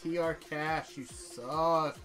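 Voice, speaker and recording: Young man, streamer, excitable, joking, slightly high voice, faint music. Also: slow. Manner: excitable, joking, swings between loud and mumbled. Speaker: live streamer. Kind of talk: casual stream chat during gameplay.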